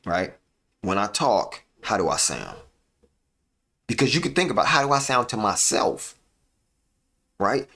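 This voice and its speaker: Low-voiced man giving a motivational talk. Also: sing-song, pushed and bright, breathy edge. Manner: preachy, repeats "right?" as a tag; uses deliberate dramatic pauses. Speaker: live stream host. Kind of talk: motivational live-stream talk.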